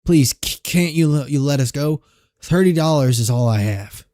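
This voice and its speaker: A man voicing a frightened frontier settler who pleads to be let go, his voice raised and pitched up. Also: expressive, moderate pace, dark tone, no echo, clean studio sound, lightly acted. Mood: pleading.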